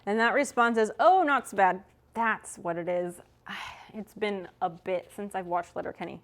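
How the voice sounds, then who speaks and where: A woman's voice: medium pitch, moderate pace, fairly bright tone. Young woman streamer, casual chat with viewers while working, swears freely, everyday mid-range voice.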